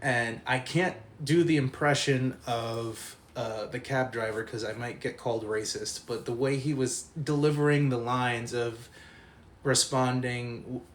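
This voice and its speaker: A young man telling a long college story to a live stream chat, animated and profane, laughing as he goes. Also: medium pitch, unhurried, a little hiss or hum.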